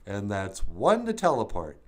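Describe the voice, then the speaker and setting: Performer doing a low, obliging cartoon computer. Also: huge pitch swings, measured pace, full character voice.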